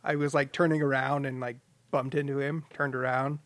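A man's voice: mid-range voice, flat delivery, moderate pace, fairly bright tone, no echo. A man hosting a comic book podcast, joking and laughing often as he talks. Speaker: podcast host. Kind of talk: casual comedic chat.

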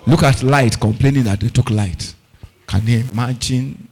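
A man's voice: medium pitch, normal speed, darkish tone, breathy edge. A man preaching a fervent sermon, often asking the congregation if they are following and repeating key words for emphasis. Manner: call-and-response questioning of the congregation.

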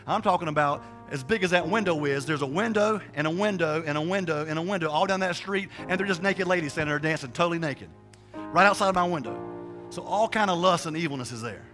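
A man's voice: a little high, fast talker, a bit bright, faint music behind. A man preaching a sermon and telling a personal testimony, with a rambling, emphatic, colloquial delivery full of restarts and repetitions.

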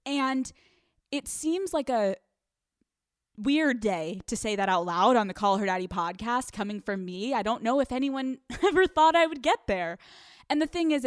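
A woman's voice: mid-range voice, no room sound. A young woman hosting her podcast, talking on a studio mic in a very dry, close sound with no room around her. She speaks in a mid-range voice, candid and profane, breaking into laughs mid-sentence. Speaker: podcast host. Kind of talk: casual confessional podcast monologue.

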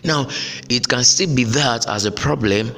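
A man's voice: mid-range voice, measured pace, pushed and bright, long reverb tail. A man hosting a solo podcast and giving motivational career advice in an emphatic, repetitive, preacher-like way. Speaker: podcast host.

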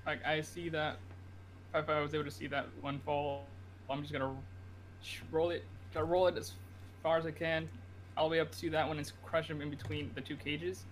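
A man playing a tabletop game, speaking quietly and rambling through his character's move. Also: on the high side, level tone, a little fast, a little hiss or hum. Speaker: player. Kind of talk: casual tabletop game chat.

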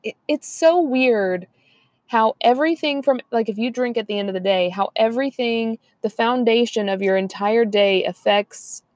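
A woman's voice: a little high, normal speed, darkish tone, dry recording. A woman, chatting casually and rambling on a podcast, laughing often. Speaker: podcast co-host. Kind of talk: casual chat.

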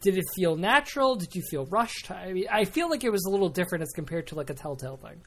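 A woman's voice: lowish voice, big pitch swings. A woman hosting a casual podcast chat about a video game, talkative and self-deprecating. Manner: chatty, self-deprecating, quick asides. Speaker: podcast host.

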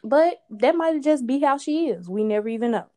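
A young woman co-hosting a podcast, chatting casually and animated, often laughing. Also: high-pitched, normal speed. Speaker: podcast co-host. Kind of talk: casual chat.

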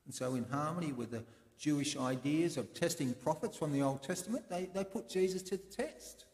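A man preaching a sermon in a church, explaining in a conversational way with pauses. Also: a little high. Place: church in Sydney. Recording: echoey church with long reverb.

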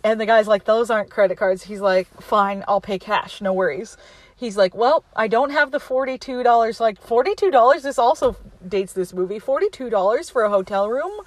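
A woman's voice: a little high, a little fast, dry recording. A young woman casually retelling a movie plot, chatty and laughing often, acting out the characters' lines.

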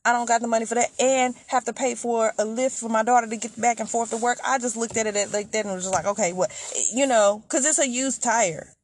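A woman's voice: a little high, steady tone, a little fast, hardly any pauses, a little hiss or hum. A middle-aged woman hosting a podcast, chatty and exasperated as she tells a story straight to her listeners. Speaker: podcast host. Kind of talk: casual storytelling monologue.

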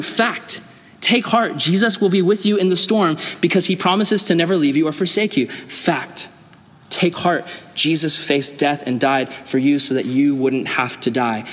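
A young man preaching a youth sermon, telling stories and acting out voices in lively bursts. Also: fairly high pitch. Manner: animated storytelling, acts out quoted voices. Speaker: youth pastor. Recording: hall with long reverb.

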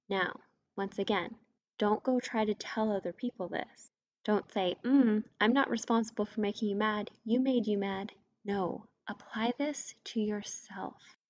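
A woman's voice: medium pitch, darkish tone. A woman talks straight to her listeners in a solo podcast, explaining ideas plainly and landing hard on the points that matter. Her voice sits in a middle register. The recording is a little dull and muffled. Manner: direct, conversational, emphatic on key points. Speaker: podcast host, mindset coach. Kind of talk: scripted solo podcast teaching.

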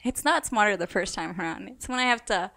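A woman's voice: mid-range voice, a little fast, creaky, sharp tone. A woman chatting casually as a podcast guest, laughing easily and poking fun at herself. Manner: laughing, self-mocking. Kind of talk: casual chat.

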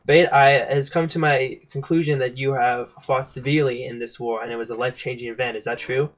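A man's voice: medium pitch, steady tone, brisk. A man hosting a comedy podcast sketch, asking fumbling, stammering interview questions. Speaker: podcast host.

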